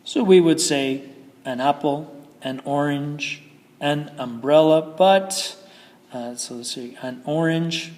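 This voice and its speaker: A man's voice: on the high side, slow pace, a little mellow, in a large hall. A man teaching English grammar in a patient, explaining manner with frequent fillers. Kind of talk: recorded grammar lesson.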